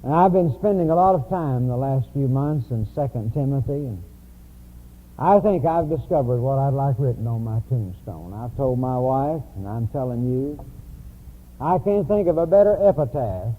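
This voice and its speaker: A man's voice: mid-range voice, expressive, normal speed, slight background noise. A man preaching a sermon in a church, telling stories in a conversational way. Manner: storytelling, conversational. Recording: tinny lo-fi phone-like recording.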